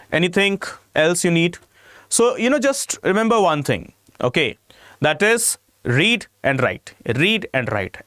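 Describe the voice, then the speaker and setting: A man's voice: on the high side, fairly bright tone, clear, resonant tone, no room sound, clean studio sound. A man with an Indian English accent teaching a live online exam-prep class, emphatic and constantly checking in with "okay" and "you know". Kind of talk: live-streamed class talk to students.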